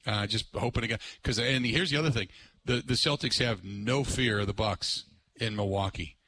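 A man hosting live sports talk radio from a remote broadcast. His voice is bright and forceful, and he rambles excitably with plenty of filler words. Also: fairly low pitch, moderate pace, no echo.

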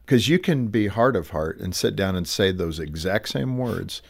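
A man's voice: sits low, animated, moderate pace, gravelly. A man hosting a faith interview, asking long, probing questions and thinking aloud. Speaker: radio show host.

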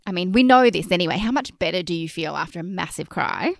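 A woman's voice: on the low side, animated, fast, gravelly, no echo, studio quality. A young Australian woman co-hosting a parenting podcast, talking in an outgoing, chatty way from a closet at home. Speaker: podcast co-host. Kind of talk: casual podcast chat. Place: closet at home, recording remotely.

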